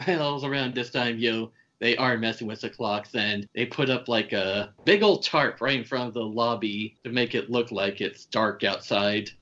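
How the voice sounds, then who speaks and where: A man's voice: mid-range voice, normal speed, hardly any pauses, pushed and bright, lo-fi sound. Man casually recapping a movie plot. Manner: rambling plot retelling with swearing and fillers. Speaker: podcast host.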